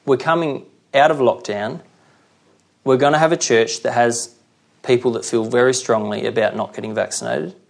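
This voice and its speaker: A male preacher giving a sermon in a conversational way, reading scripture slowly and often checking in with "okay?". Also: mid-range voice, fairly even intonation, creaky.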